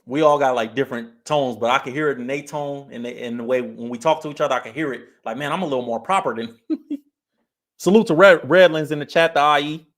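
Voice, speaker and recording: A man's voice: medium pitch, a little fast, fairly bright tone. Male streamer from California, easygoing chat delivery, frequent laughs, reads comments aloud. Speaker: livestream host. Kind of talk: casual livestream chat.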